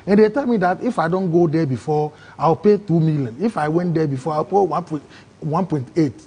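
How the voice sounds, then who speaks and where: A man with a Ghanaian English accent, telling his own story in an interview, excitable and acting out other people's words. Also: fairly high pitch, a little fast, husky. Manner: excitable, acts out quoted voices, broken phrasing. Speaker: interview guest. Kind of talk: emotional personal storytelling.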